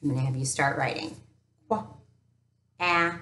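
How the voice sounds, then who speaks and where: A woman's voice: lowish voice, expressive, pushed and bright. Encouraging teacher woman, echoey room. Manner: upbeat, encouraging, sounds words out slowly. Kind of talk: recorded remote phonics lesson. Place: home teaching space with an easel.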